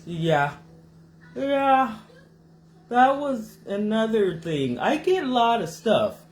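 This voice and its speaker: A woman host telling a rambling personal story to her viewers in a casual, animated way, recorded in her home kitchen. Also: on the high side, slow, slight background noise. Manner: animated, rambling, acts out voices in her stories.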